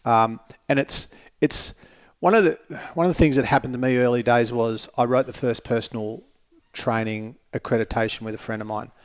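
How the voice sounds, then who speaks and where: A man's voice: medium pitch, steady tone, moderate pace. A man, a motivational speaker guesting on a podcast, talking reflectively and candidly, with casual swearing. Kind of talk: casual conversation.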